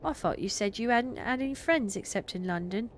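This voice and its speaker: A woman's voice: on the high side, expressive, fairly quick, a little hiss or hum, close to an everyday voice. A woman voicing a curious country station master in a storybook, plain and inquiring.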